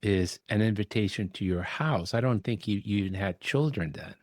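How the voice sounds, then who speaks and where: Casting: low-voiced man, podcast host, courteous interviewer, dry sound. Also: moderate pace, dry recording. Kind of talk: interview questions.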